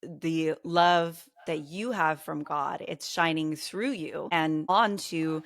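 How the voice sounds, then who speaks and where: Low gravelly woman host. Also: slow pace, dry recording, studio quality. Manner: warm, affirming, encouraging. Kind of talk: faith-based interview talk.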